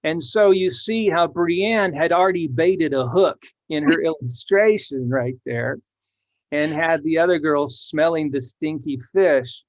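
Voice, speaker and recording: A man's voice: a little high, a little slow. A man, a children's author, presenting his book with enthusiasm and reading verses aloud in a rhythmic way. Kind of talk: book talk to readers. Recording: dull lo-fi audio.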